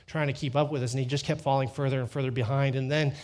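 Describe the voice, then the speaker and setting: A middle-aged man preaching a sermon, telling a family story with lively quoted dialogue and slowing down to stress key lines. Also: mid-range voice. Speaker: pastor.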